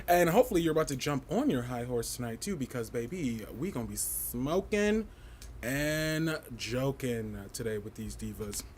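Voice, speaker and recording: A man hosting a casual livestream fashion review, campy, playful and outspoken, with big swoops in pitch and frequent laughter. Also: lively intonation, moderate pace, darkish tone, a little hiss or hum. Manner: sassy and outspoken.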